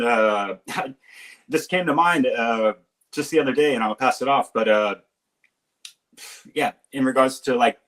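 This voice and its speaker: A man's voice: mid-range voice, poor audio. A man talking in a podcast roundtable, blunt and heated, swearing freely as he makes his point. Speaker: podcast guest. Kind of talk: casual roundtable chat.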